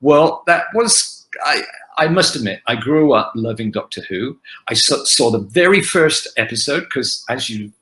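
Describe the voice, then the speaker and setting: Older man, guest actor on a video call from home, lively storyteller, bright and forceful tone. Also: mid-range voice, a little slow, low-quality recording. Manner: animated anecdotal storytelling. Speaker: guest actor answering fan questions. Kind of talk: casual virtual panel Q&A. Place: home kitchen.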